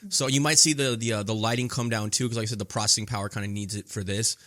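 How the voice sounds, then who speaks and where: A man co-hosting a podcast in casual chat, excitable and swearing, from Ireland. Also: fairly low pitch, fast talker, no echo, studio quality. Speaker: podcast co-host.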